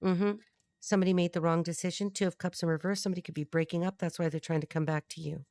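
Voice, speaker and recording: Low-voiced woman giving a rambling tarot reading. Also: fairly even intonation, quick pace, a little mellow. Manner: rambling, blunt, thinking aloud with frequent restarts. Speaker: tarot reader. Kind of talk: channeled tarot reading to camera.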